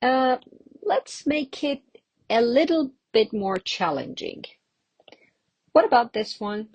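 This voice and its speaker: Woman pronunciation teacher, unhurried and a little husky, casual lesson style, close dry sound. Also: a little high, lively intonation, a little mellow, no echo, highs cut off. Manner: slow, drawn-out demonstration of words, with light laughs.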